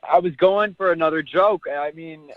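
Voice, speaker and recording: A man's voice: on the high side, moderate pace, phone-quality sound, crowd noise. A man on the phone to a radio show, defending himself with a joking manner. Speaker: caller.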